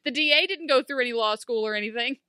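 A woman's voice: on the high side, fast talker, sharp tone, clean tone, no echo, studio quality. A woman co-hosting a podcast, recapping a TV episode in casual chat and acting out characters in exaggerated voices.

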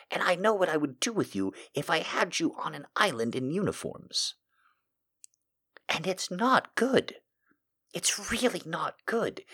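A man chatting live with his viewers, shifting from a soft earnest pep talk and story reading to loud joking rants. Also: high-pitched, husky. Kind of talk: casual live-stream chat and reading aloud.

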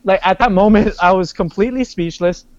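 Man, fairly high voice, animated storytelling, muffled lo-fi sound. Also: brisk, no room sound. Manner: animated, many restarts and acted-out quotes. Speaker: guest. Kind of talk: casual storytelling. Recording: dull lo-fi sound.

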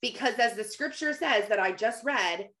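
Her voice sits on the high side, expressive and fairly bright, at a normal speed. She's a thirtysomething Christian mentor running a live session, coaching viewers warmly about faith, calling them by name and laughing frequently.

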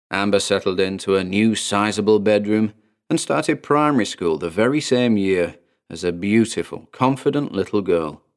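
A man narrating his own first-person horror story in a measured, deliberate way, slowing down on key phrases. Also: fairly low pitch. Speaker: narrator and author.

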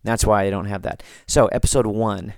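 An American man hosting a podcast, reading listener comments and chatting in a relaxed, rambling way with frequent restarts. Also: on the low side, normal speed, dry recording, clean studio sound. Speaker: podcast host.

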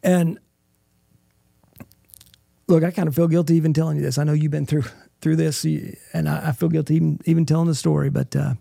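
A middle-aged man with a deeply gravelly, husky voice recounts an emotional personal testimony as an interview guest. He speaks earnestly, stopping and restarting mid-thought, in a dark, mellow tone recorded dry and close. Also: flat delivery, dry recording. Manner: earnest, halting storytelling with restarts.

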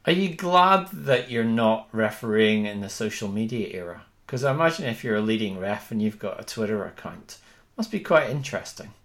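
A man's voice: fairly low pitch, lively intonation, brisk, fairly bright tone. Man asking hesitant interview questions.

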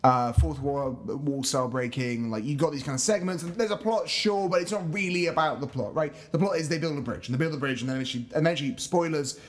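A man's voice: a little high, quick pace, few pauses. A man co-hosting a casual film review chat, thinking aloud with many restarts and hedges. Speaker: podcast co-host.

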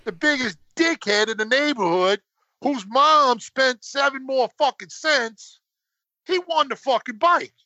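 Foul-mouthed male storyteller, bright and forceful, on a dull, dry lo-fi recording. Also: a little slow, dry recording. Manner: profane, swears constantly; animated, voice climbs high when worked up. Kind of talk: casual storytelling chat.

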